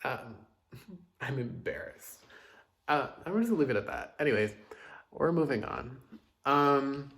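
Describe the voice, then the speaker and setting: A man casually reviewing new pop releases, chatty and dramatic, with quick asides and loud outbursts. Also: mid-range voice, lively intonation, a little hiss or hum. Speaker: music reviewer.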